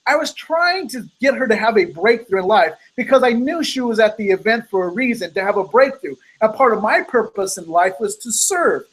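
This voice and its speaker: A man hosting a weekly live motivational call, telling a story and acting out the dialogue with big jumps in pitch. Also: lively intonation, brisk, poor audio.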